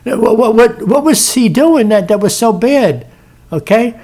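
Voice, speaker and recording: A male preacher with a notably high-pitched voice delivers an impassioned sermon. He calls out to his listeners directly and stumbles into quick repeated restarts as he drives each point home. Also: lively intonation, a little mellow. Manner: fervent, stumbling restarts, direct address to "folks". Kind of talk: emphatic preaching with read-aloud passages.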